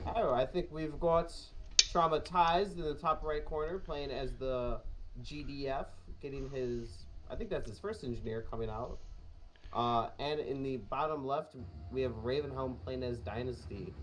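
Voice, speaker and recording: A man's voice: medium pitch, normal speed, a little hiss or hum. A man from Chicago co-commentating a strategy game match in an easygoing, casual way. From Chicago, USA. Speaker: co-caster.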